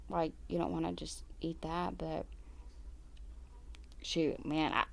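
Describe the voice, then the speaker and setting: Woman reacting to a video, slow gravelly drawl, rambling and incredulous. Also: low voice. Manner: incredulous, rambling, self-interrupting. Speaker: reaction commentator. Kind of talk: casual reaction commentary.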